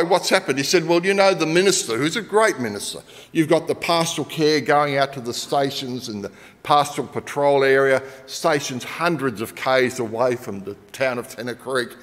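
Aussie guy preaching, lively up-and-down voice, fairly high, big echoey hall. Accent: Australian. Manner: animated, shifts between loud emphasis and quiet. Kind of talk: sermon with storytelling.

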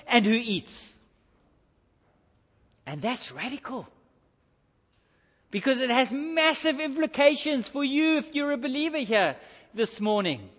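A man's voice: extremely high pitch, fairly bright tone. A male pastor preaching a sermon in church, emphatic and repeating his key phrases. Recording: dull recording with long hall reverb.

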